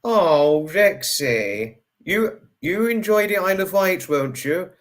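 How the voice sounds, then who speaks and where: A man's voice: lively intonation, slow. Gushing man hosting a livestream. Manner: effusive, gushing, repeats greetings over and over; pitch swings up and down sharply. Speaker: livestream host. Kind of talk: livestream chat greeting viewers.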